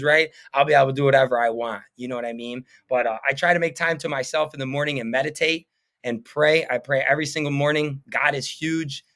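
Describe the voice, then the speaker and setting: A man's voice: mid-range voice, a bit bright. A man in his thirties, a painting business owner, talking as a podcast guest in an earnest, rambling way full of fillers. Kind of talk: casual interview chat.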